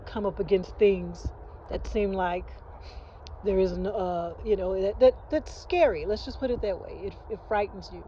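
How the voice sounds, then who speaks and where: A woman's voice: mid-range voice, warm tone, lo-fi sound, slight background noise. A woman in her fifties hosting her own channel, speaking earnestly in a rambling heartfelt vlog with many restarts, recorded at home on a phone. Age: 50s. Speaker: channel host. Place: at home early in the morning. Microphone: phone, face not shown.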